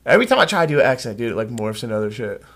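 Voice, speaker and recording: A man co-hosting a podcast in loose, casual chat. His pitch jumps around a lot as he laughs and swears. He tosses in dude constantly. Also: sing-song, very fast, creaky, a bit bright. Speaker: podcast co-host.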